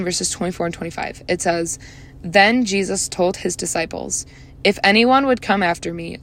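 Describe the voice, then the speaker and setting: A young woman hosting a solo faith podcast, talking in a chatty, earnest way with many fillers. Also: fairly low pitch. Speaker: podcast host.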